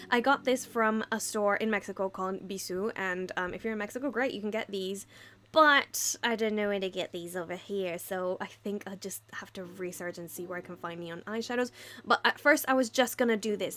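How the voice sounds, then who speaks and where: A woman's voice: mid-range voice, fairly bright tone. Young woman beauty vlogger, casual rambling voice-over, self-deprecating humor. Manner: chatty, rambling, laughs at own slips. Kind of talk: casual makeup tutorial voice-over.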